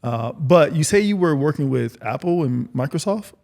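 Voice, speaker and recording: A man hosting a casual interview podcast, relaxed and chatty, often repeating his words as he asks follow-up questions. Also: a little high, moderate pace, gravelly. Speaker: podcast host. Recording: long reverb.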